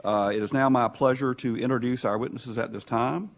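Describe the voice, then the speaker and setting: A man chairing a congressional hearing, introducing witnesses in a loose, halting way. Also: medium pitch, steady tone. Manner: halting, loose, with many hesitations. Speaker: subcommittee chairman.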